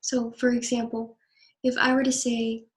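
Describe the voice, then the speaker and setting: A young woman delivers a scripted class presentation, explaining each point in an even, read-aloud manner. Her voice sits a little high and barely rises or falls. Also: moderate pace, poor audio. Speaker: student presenter.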